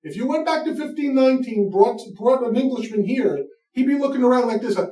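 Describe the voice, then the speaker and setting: A man's voice: very high voice, brisk, mellow. A man hosting a comedy show, ranting in a mocking, profane, emphatic way. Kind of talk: comedic rant. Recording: echoey room, mic far off.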